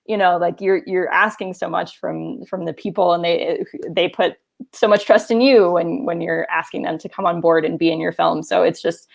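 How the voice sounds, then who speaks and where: A woman filmmaker talks through a Q&A in an earnest, rambling way, full of fillers. Her voice sits fairly low and carries a strong gravelly fry. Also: steady tone, normal speed. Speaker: documentary filmmaker. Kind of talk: video-call Q&A, casual.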